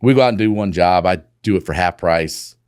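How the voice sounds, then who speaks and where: A man's voice: sits low, fairly quick, clean tone, no room sound, clean studio sound. A man, a company co-founder, telling a business story in a casual interview, laughing and acting out the dialogue. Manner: animated, laughing, acts out quoted dialogue.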